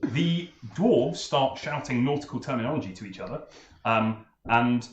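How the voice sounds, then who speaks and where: A man's voice: mid-range voice, expressive, normal speed, roomy sound, lo-fi sound. A man narrating a tabletop game as game master, with many ums and frequent laughter. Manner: laughing, hesitant with fillers.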